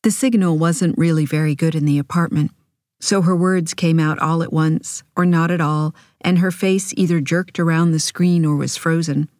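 A woman narrating an audiobook in measured, intimate first person, recorded on a close studio mic. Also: low voice, fairly even intonation, darkish tone, no echo.

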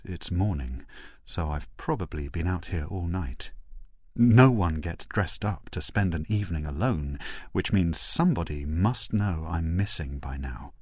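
A man narrates a novel in the first person, steady and controlled. His voice sits very low and moves at an unhurried pace. The recording is close and dry, with no room sound. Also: no room sound. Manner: measured, slow and controlled. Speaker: audiobook narrator.

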